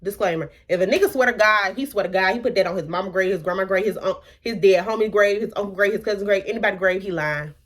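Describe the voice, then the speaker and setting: A young woman vlogger, telling a storytime in an animated way and acting out quotes in hushed asides. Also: mid-range voice, fast, hardly any pauses. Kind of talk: storytime vlog.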